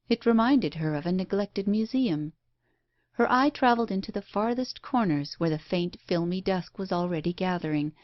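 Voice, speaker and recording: A woman's voice: on the low side, no room sound. Woman reading an audiobook, dry and muffled. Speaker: audiobook narrator. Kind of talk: scripted narration.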